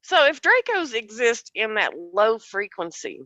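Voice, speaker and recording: A woman co-hosting a casual podcast chat, animated and laughing often, with restarts as she thinks aloud. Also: a little high, unhurried, no room sound, muffled recording. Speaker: podcast co-host.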